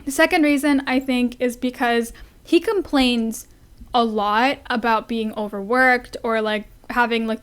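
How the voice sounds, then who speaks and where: A young woman vlogger reacting casually, talking in an animated, blunt and sweary way. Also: on the high side.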